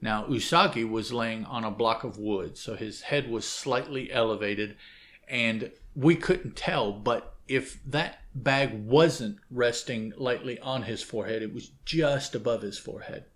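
A man casually reading a comic aloud, describing the panels in an unhurried, hesitant way with many fillers and asides. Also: mid-range voice, fairly bright tone. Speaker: comic reader and podcast host. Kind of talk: casual comic read-along narration.

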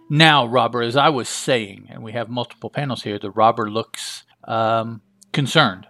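Casting: chatty comic reviewer, gravelly, offhand asides. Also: male voice, mid-range voice, moderate pace, sharp tone, no echo. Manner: casual, chatty, asides and fillers. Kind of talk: casual comic read-through.

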